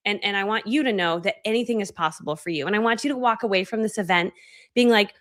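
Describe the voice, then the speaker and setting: A woman's voice: mid-range voice, quick pace, fairly bright tone. A woman in her forties presenting a motivational training talk as an online course coach, chatty and self-deprecating, acting out her own past reactions. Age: 40s. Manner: self-deprecating, chatty, many fillers like "right?".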